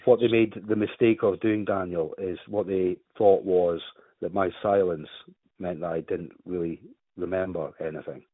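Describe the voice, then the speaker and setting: A man's voice: low-pitched, fairly even intonation, moderate pace, no echo. A man from Scotland, a claimant, chatting casually and jokingly on a phone call, self-deprecating and swearing freely. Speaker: caller, claimant. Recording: tinny dry phone line.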